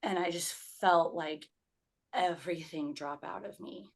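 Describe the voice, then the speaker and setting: A woman's voice: lowish voice, fairly even intonation, a little slow, vocal fry. A young woman who is a podcast guest, telling a personal story in a conversational way, full of "like" fillers and acting out what people said. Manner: conversational, many "like" fillers, acts out quoted speech.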